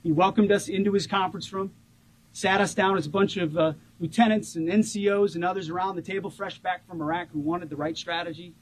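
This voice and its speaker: A man in his forties giving a rousing ceremonial tribute speech as a government official, stressing key words by slowing down. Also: sits high, fairly even intonation, low-quality recording.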